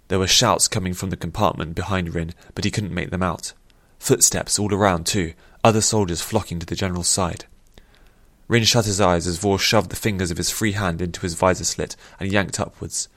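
Brief: low male narrator, steady and measured, dry close sound, fantasy audiobook. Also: no echo.

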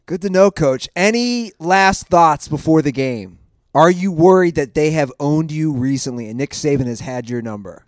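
Interviewer role, man, slightly high voice, dry close recording, deadpan questions. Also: normal speed, no room sound. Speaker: sports interviewer. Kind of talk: mock sports interview.

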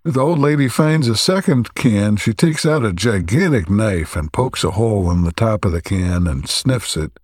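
A man co-hosting a podcast, recapping a story's plot in a relaxed, halting way with frequent pauses. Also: fairly low pitch, husky, dry recording, clean studio sound. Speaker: podcast co-host.

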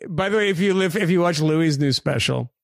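A man co-hosting a podcast, chatting casually and joking in quick asides. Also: fairly high pitch, creaky, dry recording. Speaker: podcast co-host. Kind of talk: casual chat.

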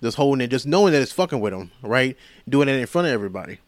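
A man's voice: medium pitch, very fast, no echo. A man hosting a podcast, retelling a movie in a casual, profane, rambling way. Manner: profane, rambling, animated retelling with quoted voices. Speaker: podcast host.

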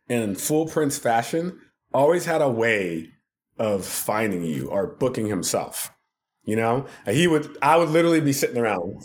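A man, a podcast guest, telling funny stories from his work in a casual, animated way, often laughing. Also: on the low side. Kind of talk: casual storytelling.

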